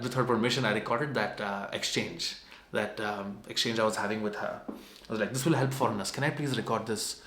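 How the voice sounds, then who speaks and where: A man's voice: fairly low pitch, a bit bright. Young guy vlogging, rambly chatty story, kinda laughs at himself, echoey room. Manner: meandering, conversational, self-mocking. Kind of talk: casual storytelling. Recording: roomy echo.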